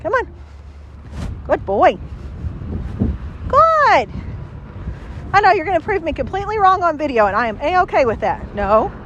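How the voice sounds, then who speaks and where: A woman's voice: high-pitched, expressive, a little fast, lo-fi sound, a little hiss or hum. A woman dog trainer recorded outdoors, talking casually through a training session and giving a dog lots of upbeat praise. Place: outdoors, cold and windy.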